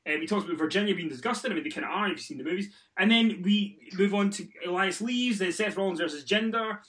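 A man's voice: high voice, quick pace, fairly bright tone. A man, hosting a casual podcast, sweary and exasperated, rattling off a recap with lots of ums. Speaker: podcast host. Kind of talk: casual wrestling podcast chat.

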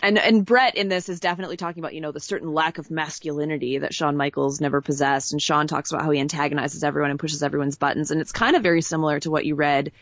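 A woman co-host chatting casually with wry, plainspoken reactions. Her voice sits somewhat low for a woman. The recording is dry and a little muffled. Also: steady tone, rapid-fire, hardly any pauses, dry recording. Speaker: podcast co-host. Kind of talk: casual chat.

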